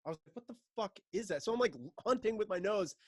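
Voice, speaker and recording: A man's voice: high-pitched, fast, dry recording. A man in casual chat, ranting and mocking with lots of swearing, laughing between phrases.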